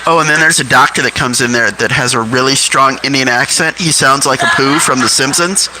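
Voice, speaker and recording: A man telling crude, mocking comic stories in an animated way. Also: mid-range voice, fairly quick, heavy background noise. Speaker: storyteller. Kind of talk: comic storytelling.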